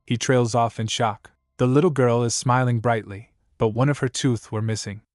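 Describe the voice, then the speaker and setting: A man's voice: mid-range voice, steady tone, moderate pace, darkish tone, dry recording, studio quality. A man narrating a comic story recap, reading all the characters' lines in his own narrating voice. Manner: reads every character's lines in the same narrating voice. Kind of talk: scripted narration.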